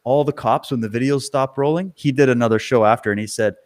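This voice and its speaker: A man from Canada in casual conversation, telling an animated story and bluntly swearing as he goes. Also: medium pitch, quick pace, few pauses. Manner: animated storyteller, acts out quoted voices. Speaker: guest.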